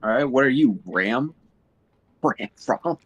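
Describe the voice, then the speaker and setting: A man's voice: medium pitch, expressive, moderate pace, husky, dry recording, lo-fi sound. A man streaming a game, joking around in playful, hesitant banter. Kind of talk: casual in-character banter.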